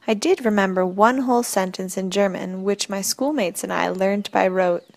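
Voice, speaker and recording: Female audiobook narrator, mid-pitched, faintly gravelly, steady first-person reading. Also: moderate pace.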